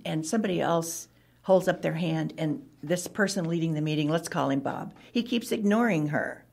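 A woman author being interviewed, telling lively stories and acting out the voices of the people in them. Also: on the low side, gravelly. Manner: animated, acts out quoted dialogue. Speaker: author and guest. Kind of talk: conversational interview storytelling.

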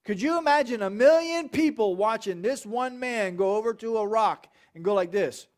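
Pastor, high voice, lively story-driven sermon. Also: male voice, moderate pace. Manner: animated storytelling with acted voices. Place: church.

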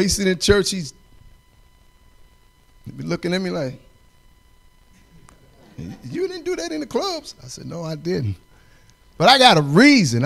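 Fervent church preacher guy, raspy fry in his voice, folksy, chuckles a lot. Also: sits high, darkish tone. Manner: fervent, rhythmic, breaks into song. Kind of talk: sermon.

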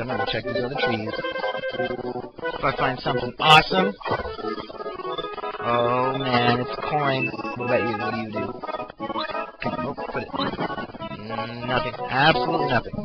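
A young man giving excitable, jokey let's play commentary with sudden shouty outbursts, recorded on a cheap home mic. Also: mid-range voice. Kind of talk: gameplay commentary. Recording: dull lo-fi mic, loud game music.

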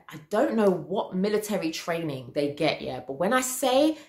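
A British woman in her twenties telling a personal story in a casual, animated way, acting out what people said. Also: low-pitched, echoey room. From United Kingdom. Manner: animated, acts out quotes, laughs often. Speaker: vlogger.

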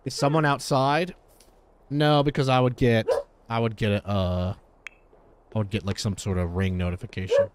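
A man giving casual gameplay commentary as a streamer, chatty and quick to exclaim, breaking off to talk to his dogs. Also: fairly low pitch, steady tone, background noise. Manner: chatty, exclaims often, talks to his dogs between game remarks. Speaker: gaming streamer.

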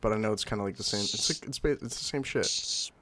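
A man hosting casual gameplay commentary, swearing freely and yelling at in-game scares. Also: on the low side, fast. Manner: profane, shrieks and yells at in-game scares. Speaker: gaming channel host.

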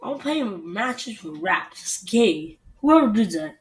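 A teenage gamer giving live gameplay commentary, frustrated, swearing and breaking into loud outbursts. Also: medium pitch, very animated, slow. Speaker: gamer recording a video.

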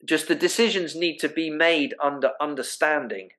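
A man's voice: fairly high pitch, moderate pace, a bit bright, poor audio. A man, an osteopath and naturopath speaking earnestly and emphatically as an interview guest. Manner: earnest, emphatic, explains with acted-out examples. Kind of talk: interview conversation.

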